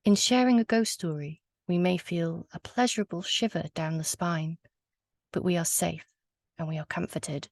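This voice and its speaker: A woman storyteller on a video call, telling a folk tale slowly and softly, lingering on words. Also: on the low side, gravelly, no room sound. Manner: soft, hushed, lingering on words. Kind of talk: slow atmospheric storytelling.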